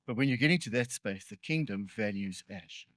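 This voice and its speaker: A man's voice: fairly low pitch, lively intonation, moderate pace, dry recording. Dry, close-sounding male preacher. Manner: conversational, with joking self-deprecating asides. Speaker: pastor. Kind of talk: sermon.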